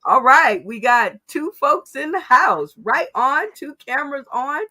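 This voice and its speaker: A woman's voice: high-pitched, lively intonation, measured pace, pushed and bright. A woman hosting an online comedy game show over a video call, laid-back and chatty.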